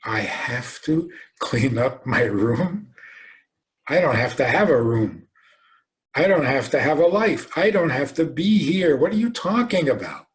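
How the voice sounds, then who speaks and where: A man's voice: mid-range voice, sing-song, a little slow. A man voicing a defiant, sulky young child.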